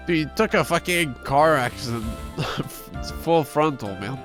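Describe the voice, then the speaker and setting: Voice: medium pitch, expressive, moderate pace. A game streamer making casual, crude joking asides while playing, with game music underneath. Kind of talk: live gameplay commentary.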